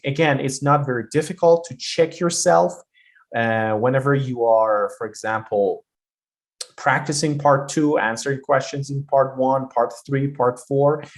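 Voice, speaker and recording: Man teaching pronunciation, deliberate and emphatic. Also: mid-range voice. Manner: deliberate explaining with pauses and stresses. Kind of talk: exam-prep lesson.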